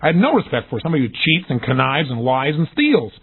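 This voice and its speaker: A man giving an energetic recorded self-help lesson, acting out the questions he describes in lively voices. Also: fairly high pitch, quick pace, slightly rough. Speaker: motivational speaker. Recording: tinny phone-like audio.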